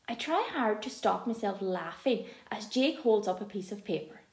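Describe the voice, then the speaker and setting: A woman reading a first-person audiobook aloud in an expressive, lively storytelling manner. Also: medium pitch, a little slow, vocal fry, few pauses. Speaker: audiobook narrator. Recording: echoey room.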